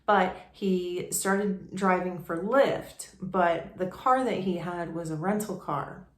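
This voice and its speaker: A woman's voice: on the low side, slow pace. A young adult woman vlogger telling a personal story in a casual, rambling way, with many restarts and fillers. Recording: echoey room.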